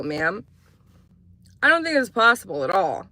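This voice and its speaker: A woman talking loosely and at length on a livestream, her voice bright and forward with a touch of tension. She drifts from one thought to the next and stops to answer comments from viewers. The sound is close and dry, with no room echo. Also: mid-range voice, sing-song, measured pace. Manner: rambling, chatty, reads out viewer comments. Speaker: livestream host. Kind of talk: casual livestream chat.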